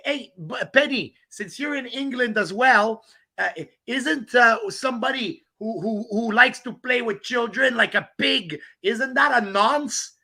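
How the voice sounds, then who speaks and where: Guy ranting on his livestream, swearing and cackling, kind of crackly and sharp. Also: high-pitched. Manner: mocking, profane, laughing at a rival. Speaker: livestream host. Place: outdoors on a walk in the rain.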